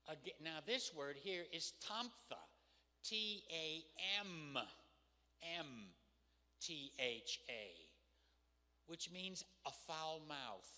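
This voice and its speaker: A man's voice: fairly high pitch, pushed and bright. An older man teaching scripture in a chatty way to a live group, often laughing and asking "hmm?" to check in with them. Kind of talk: casual lecture to a live group. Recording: long reverb in a hall.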